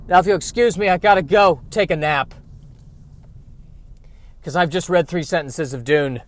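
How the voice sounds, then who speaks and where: A man hosts a solo comedy podcast from his car, driving and parking as he goes, firing off self-deprecating rants and comic asides. He speaks at a normal speed in a slightly high voice, leaving long pauses.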